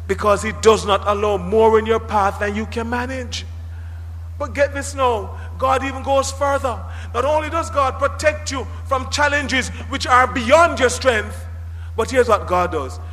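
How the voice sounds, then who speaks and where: A man preaching a sermon as pastor, animated, with dramatic emphasis and occasional shouts. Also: sits high. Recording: reverberant hall.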